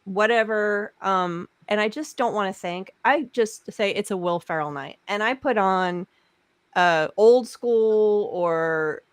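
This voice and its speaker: Brief: a woman podcaster, mid-pitched, rambling casual chat, dry sound. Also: fairly bright tone, clear, resonant tone, no echo. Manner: rambling, halting, laughs easily. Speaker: podcast co-host.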